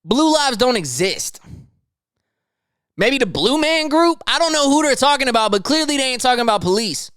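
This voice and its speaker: A man's voice: very high-pitched, sing-song, normal speed, a bit bright, clean tone, no echo, studio quality. A young man hosting a podcast, ranting about the news in heated, slangy, profane casual talk. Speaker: podcast host. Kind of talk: casual news commentary rant.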